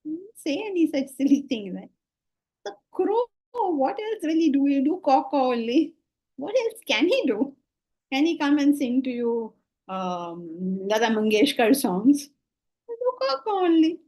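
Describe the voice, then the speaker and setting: A woman from India, teaching a spiritual class on scripture in an animated, questioning way. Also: high voice, unhurried, low-quality recording. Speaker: Vedanta teacher.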